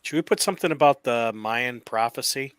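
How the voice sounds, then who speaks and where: A man's voice: medium pitch, fairly quick, a bit bright, smooth, dry recording, clean studio sound. A man joking around in a casual group chat with a jokey, teasing manner. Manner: jokey, puts on a mock accent.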